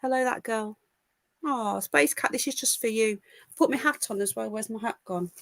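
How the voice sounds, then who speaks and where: A woman's voice: a little high, moderate pace, vocal fry, no echo. A woman from England hosting a live call-in stream, chatting casually and greeting viewers as she gossips. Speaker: live call-in show host.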